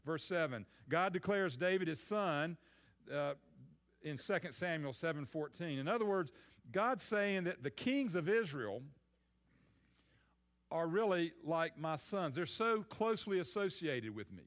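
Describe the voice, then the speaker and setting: A man's voice: a little high, lively intonation, unhurried, a bit bright. A man preaching a sermon on a psalm in a conversational way, often repeating words as he thinks aloud.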